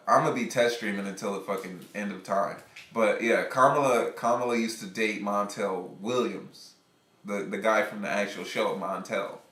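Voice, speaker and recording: A man streaming live, telling a rambling, animated story in casual, profane chat. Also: fairly low pitch, reverberant. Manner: rambling, animated, laughs often.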